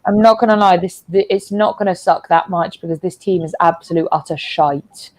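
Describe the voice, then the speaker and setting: A young woman co-hosting a football watchalong, tipsy and sweary, with loud outbursts at the play. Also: lowish voice, moderate pace. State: tipsy from drinking. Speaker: co-host of a football watchalong stream. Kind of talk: casual live match commentary.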